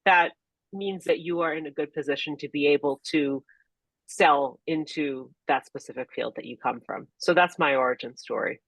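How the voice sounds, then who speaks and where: A woman's voice: low-pitched, normal speed, no room sound, low-quality recording. A woman on a video-call panel, telling her story in a friendly way and laughing easily. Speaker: panelist, team leader. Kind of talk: casual storytelling.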